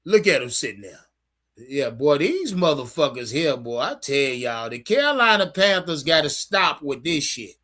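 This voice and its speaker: A man with a voice on the high side and a sharp tone, very animated and at a moderate pace, rants to his livestream chat about his football team. The sports fan streamer is heated and profane and says the same things repeatedly.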